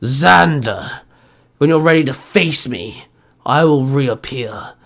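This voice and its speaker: A man's voice: mid-range voice, animated, takes it slowly, creaky, a bit bright, exaggerated voice. A man voicing Ursa, a cruel male monster who mocks and chuckles at his victims, in a storybook reading. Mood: gloating. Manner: gloating, mocking, chuckling.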